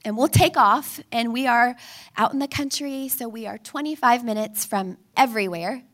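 A woman's voice: fairly high pitch, normal speed, a bit bright. A woman in her thirties giving a sermon, telling family stories and acting out her own pleading and her child's cries. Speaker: speaker.

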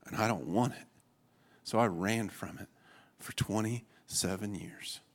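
A man's voice: lowish voice, unhurried. Earnest, laughing man in his forties preaching. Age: 40s. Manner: earnest and emotional, often breaking into laughter. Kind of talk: sermon.

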